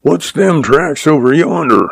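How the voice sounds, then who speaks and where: A man's voice: a little high, expressive, unhurried, creaky, no echo, pitched above the performer's own voice, exaggerated voice. A man doing a sneering, raging outlaw. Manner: sneering, raving. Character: hot-tempered sneering outlaw cowboy.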